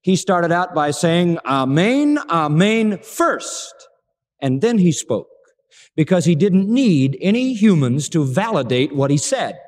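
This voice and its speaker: A man preaching a sermon, animated and dramatic, acting out the lines he quotes. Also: fairly high pitch, unhurried. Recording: long reverb of a large hall.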